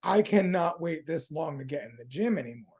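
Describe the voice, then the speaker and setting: A man's voice: fairly high pitch, animated, a little fast, vocal fry, a little mellow, husky. A man hosting a podcast in casual conversation, laid-back and slangy, swearing freely. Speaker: podcast host.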